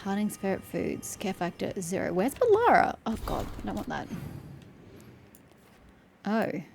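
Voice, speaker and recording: Aussie woman streaming a game, super animated voice, chatty. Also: medium pitch, moderate pace, vocal fry, soft background music. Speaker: gameplay streamer. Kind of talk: casual let's play commentary.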